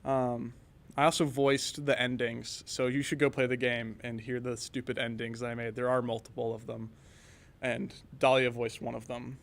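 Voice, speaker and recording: A young man, a student on a class game project, chatting casually on a panel as a relaxed storyteller who laughs easily. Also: medium pitch, normal speed, gravelly.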